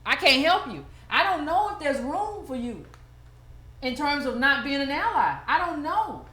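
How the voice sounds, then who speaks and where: A woman's voice: high-pitched, big pitch swings, moderate pace, sharp tone, reverberant. A woman hosting her own channel, giving indignant, emphatic commentary and repeating herself for emphasis. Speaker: political commentator, channel host. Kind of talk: impassioned video commentary.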